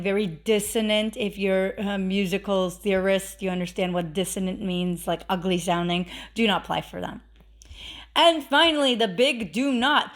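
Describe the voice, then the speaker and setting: A woman's voice: mid-range voice, fairly bright tone. A woman hosting a casual instructional vlog, chatty, with lots of fillers and emphatic repeated warnings. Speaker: witchcraft video host.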